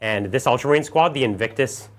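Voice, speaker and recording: A man's voice: mid-range voice, fast. A man explaining game rules and the tabletop to viewers in a casual live stream. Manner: animated, walks viewers through rules. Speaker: player and commentator.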